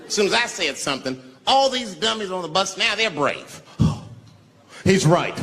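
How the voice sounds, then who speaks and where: A man doing a stand-up comedy routine on stage, telling a profane story with big swings in his voice. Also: a little high. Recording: live crowd laughter over loud room noise.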